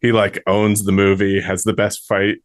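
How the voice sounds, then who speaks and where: A man's voice: lowish voice, completely flat delivery, moderate pace, no echo, studio quality. A man co-hosting a podcast, chatting casually and rambling through his sentences. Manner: rambling, many fillers and restarts. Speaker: podcast co-host. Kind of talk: casual chat.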